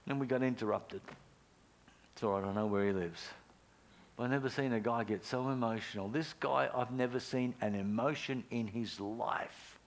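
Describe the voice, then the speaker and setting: A middle-aged pastor with a mid-range voice preaches at normal speed, telling stories earnestly. Lively bursts alternate with quiet prayers spoken almost in a whisper.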